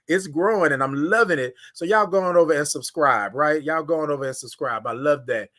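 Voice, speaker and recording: A man hosting a casual morning livestream, greeting viewers by name in an animated way and drawing out his greetings. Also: on the high side, normal speed. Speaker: livestream host.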